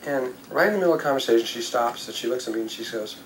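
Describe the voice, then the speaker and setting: A man's voice: mid-range voice, animated, rapid-fire, slight background noise, low-quality recording. Older man telling a rambling story. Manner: rambling anecdotal, with fillers and self-corrections. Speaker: spiritual speaker. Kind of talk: storytelling talk to an audience.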